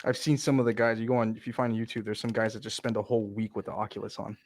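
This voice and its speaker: Fast-talking excitable man. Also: on the low side. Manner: excitable, chatty, laughs often. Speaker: PC builder. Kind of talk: casual chat on a livestream.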